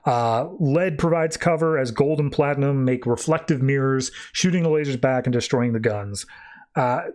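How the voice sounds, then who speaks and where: A man's voice: mid-range voice, normal speed, a little mellow. A man hosting a podcast, casually recapping a comic book story and loosely paraphrasing the characters' dialogue with plenty of filler words. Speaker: podcast host.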